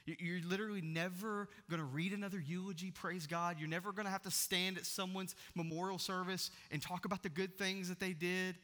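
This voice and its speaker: A man, preaching a sermon in a church and swinging from loud proclaiming to hushed near-whispers. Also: high-pitched, steady tone, a little fast, hardly any pauses, big-room sound. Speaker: pastor.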